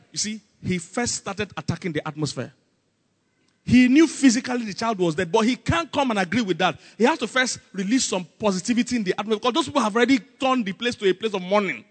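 A man preaching a sermon, animated and calling out questions for the congregation to answer. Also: high voice, quick pace, slightly rough, big-room sound. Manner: animated, call-and-response with congregation, acts out Bible scenes.

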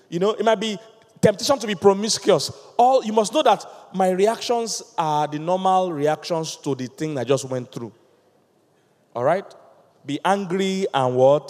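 Man preaching in a reverberant hall, high and lively, plays out dialogue. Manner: animated, acts out voices, laughs with the congregation. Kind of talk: sermon.

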